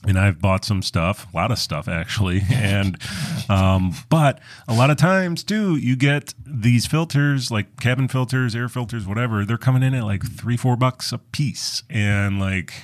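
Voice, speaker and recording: A man's voice: mid-range voice, a little slow. A man co-hosting a casual chat about his parts manager job, laid back and hesitant.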